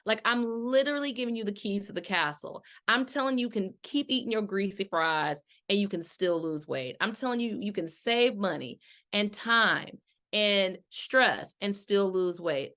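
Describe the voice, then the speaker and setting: A woman's voice: mid-range voice, fairly bright tone. A middle-aged woman life coach hosting a podcast, talking in a chatty, casual way and calling her listeners y'all.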